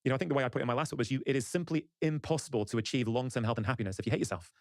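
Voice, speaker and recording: A male podcast host who speaks at a quick, steady pace. He sums up points clearly and guides the conversation. His voice is recorded close, with a dry, echo-free sound. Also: mid-range voice. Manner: measured, summarizing, plugs his channel. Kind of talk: interview conversation.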